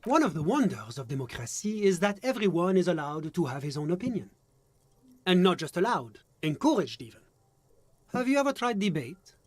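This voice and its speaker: A smooth, evasive diplomat. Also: male voice, high voice, sing-song, a little fast, no room sound. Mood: chummy. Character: evasive, genteel male diplomat, middle-aged, polished and smooth-talking. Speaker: foreign diplomat questioned by a detective. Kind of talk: video game voice acting.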